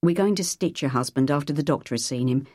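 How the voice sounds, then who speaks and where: A man's voice: fairly high pitch, fast, a little mellow, no room sound, clean studio sound, natural voice. A woman reading an audiobook, voicing a young male charge nurse with a light, falsely jocular manner. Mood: breezy. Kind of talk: audiobook character voice.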